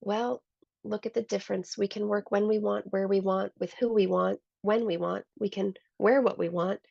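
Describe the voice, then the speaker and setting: A woman's voice: mid-range voice, fairly even intonation, moderate pace, gravelly, darkish tone, no echo. A woman who owns a salon, telling heartfelt stories as a guest in a conversational interview. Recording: dull, lo-fi dry sound.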